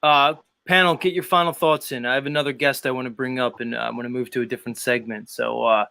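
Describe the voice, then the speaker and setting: A man's voice: mid-range voice, steady tone, fast, gravelly, bright, forceful tone, no echo. A man hosting a live panel stream, talking loosely and casually, swearing freely and wandering into long asides.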